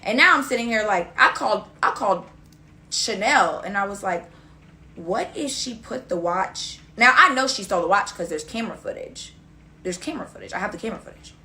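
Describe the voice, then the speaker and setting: A young woman with a bright, sharp voice tells a casual storytime rant. She is blunt and swears freely, and she slips into quoted back-and-forth dialogue as she speaks. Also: mid-range voice, expressive, a little fast.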